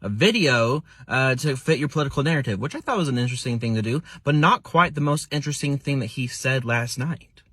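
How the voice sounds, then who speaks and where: A man from Utah doing satirical sketch comedy with quick, jokey delivery and playful nonsense words. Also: mid-range voice, animated, fairly bright tone, slightly rough, dry recording.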